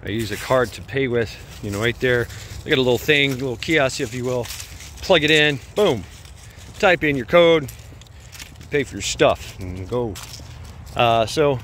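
A man's voice: medium pitch, measured pace, a bit bright, a little hiss or hum. Rambling man telling a story outdoors at night. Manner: rambling, full of fillers and restarts. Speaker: vlogger. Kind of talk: casual storytelling while walking a dog.

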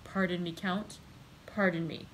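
A woman's voice: lowish voice, fairly even intonation, a little slow, slight background noise, lightly acted, poor audio. A woman reading the lines of a nervous, greedy male banker who stammers and frets. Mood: flustered. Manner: stammering, flustered.

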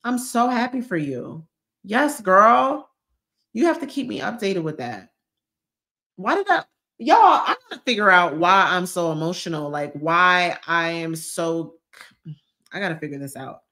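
A woman's voice: lowish voice, lively intonation, a little slow, bright, forceful tone. A woman, chatting casually on a live stream and reading out viewer comments in a bubbly, slangy way. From Georgia, US. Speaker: lifestyle YouTuber hosting a live stream.

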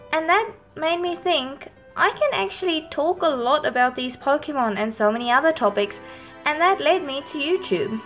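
Chatty woman YouTuber, bright fan talk. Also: a little high. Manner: enthusiastic fan chat with small restarts. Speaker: YouTuber reviewing Pokémon designs. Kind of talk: casual monologue to camera.

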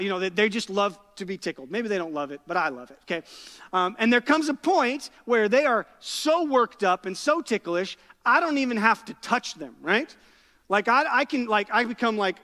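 A man in his thirties preaching a sermon, conversational and story-driven, often checking in with the congregation with a quick "right?" or "okay?". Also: sits high, bright, forceful tone. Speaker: pastor. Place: church sanctuary. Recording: long hall reverb.

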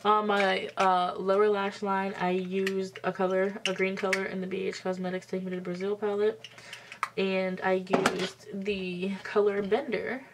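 A woman's voice: mid-range voice, level tone, unhurried, heavy background noise. A woman in her twenties telling a story on camera at home while doing her makeup, blunt and emphatic, swearing freely. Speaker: beauty vlogger. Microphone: camera mic.

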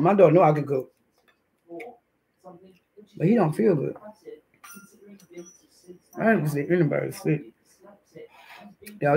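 A man's voice: fairly high pitch, vocal fry. A man hosting a casual live stream, chatting and reading the chat aloud as he eats breakfast, laughing often. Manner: laughs often, with sudden loud outbursts.

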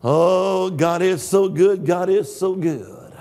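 An older man preaching with shouted hallelujahs, acting out dialogue from his story. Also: high-pitched, slow. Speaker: guest preacher. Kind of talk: Pentecostal-style sermon.

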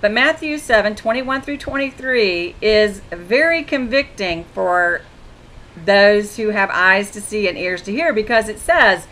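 A woman's voice: on the high side, lively intonation, moderate pace, a bit bright, rough recording. A woman telling faith stories in a chatty monologue, acting out conversations and restarting her sentences often. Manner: chatty storytelling with frequent restarts and quoted dialogue. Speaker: Christian video blogger. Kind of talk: casual testimony monologue.

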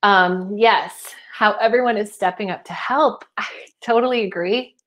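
A woman's voice: medium pitch, measured pace. A woman hosting a live webinar from home as a speaking coach, upbeat and emotional, close to tears, reading out chat messages. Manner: warm, upbeat, emotional and chatty. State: teary, close to crying. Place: her home.

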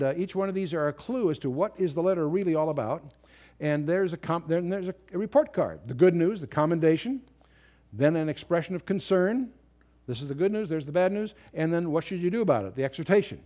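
A Bible teacher with a slightly high, somewhat mellow voice gives an unscripted commentary lecture, reading old King James verses aloud and explaining them emphatically. He restarts sentences and uses fillers, and the recording is a remastered lecture.

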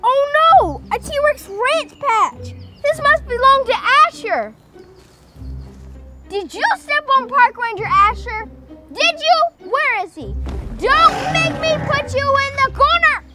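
High playful woman park ranger. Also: lively intonation, slow. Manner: playful, exaggerated, scolding dinosaurs. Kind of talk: scripted children's video acting. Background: background music.

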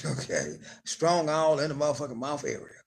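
A man's voice: a little high, normal speed. A man hosting a live stream, talking in a loose, profane, comedic rant to his viewers. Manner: profane, animated, slides into put-on voices.

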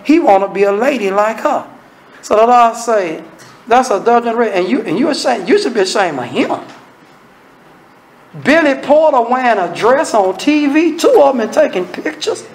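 A minister delivers an evening sermon in a Southern US accent. His voice sits high and carries a gravelly edge. He swings from low murmurs to emphatic, raised exclamations. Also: rough recording.

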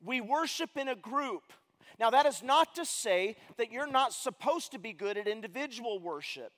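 A man preaching from the pulpit in a high, carrying voice. He leans on rhetorical questions and shifts between loud emphasis and quiet asides. The sound rings with the long reverb of a large sanctuary. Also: lively intonation, moderate pace. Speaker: pastor. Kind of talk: sermon.

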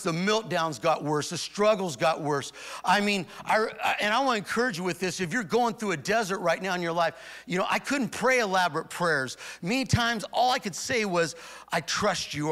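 A pastor delivering a sermon to a congregation in a church, his voice pitched a little high for a man. He moves between quiet, intimate storytelling and loud, emphatic proclamation. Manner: swings from hushed retelling to loud emphatic declarations. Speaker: guest pastor. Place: church auditorium before a congregation.

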